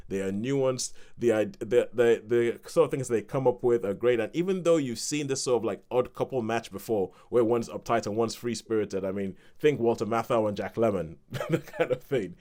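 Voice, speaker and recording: A man in casual podcast chat, reviewing a comedy series in a rambling, good-humoured way. His voice sits at an ordinary middle pitch, and he often stops to laugh before he picks up his thread again. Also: mellow. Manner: chatty, rambling, laughs between points. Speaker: podcast co-host.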